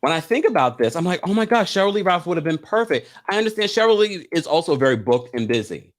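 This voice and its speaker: A man's voice: high-pitched, sing-song, fast. A man hosting a live recap stream, chatting casually, reading viewer comments and laughing between remarks. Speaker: live recap show host.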